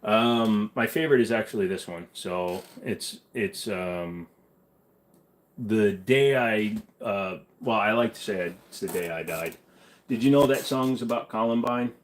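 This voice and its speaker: Blunt, profane man live-streaming. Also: lowish voice. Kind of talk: casual live stream chat reading comments.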